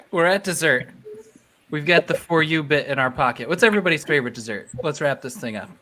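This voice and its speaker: A co-host steering a casual chat over a video call, joking and brisk. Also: medium pitch, animated, pushed and bright.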